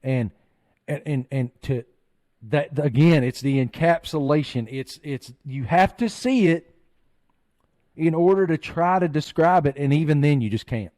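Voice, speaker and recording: A man hosting a podcast, telling a story in an earnest, animated way. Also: a little high, measured pace. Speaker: podcast host. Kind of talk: storytelling chat.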